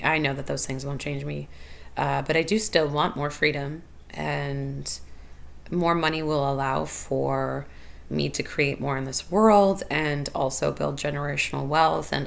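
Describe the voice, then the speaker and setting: A woman's voice: sits low, gravelly, fairly bright tone. A woman hosting a solo podcast, talking candidly and personally about her own life, often laughing and repeating her phrases. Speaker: podcast host. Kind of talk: reflective solo podcast talk.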